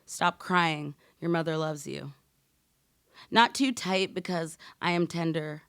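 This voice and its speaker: Low, smooth-voiced woman reading poetry. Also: fairly even intonation, a bit bright, dry recording, clean studio sound. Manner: measured, deliberate delivery. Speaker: poet.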